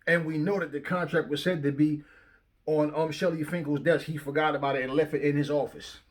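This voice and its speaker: A man's voice: a little high, fairly even intonation, fairly quick. A middle-aged man hosting a boxing talk channel, ranting at home, profane and combative, mocking commenters and stumbling over repeated words as he gets worked up. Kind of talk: heated rant to camera. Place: his home.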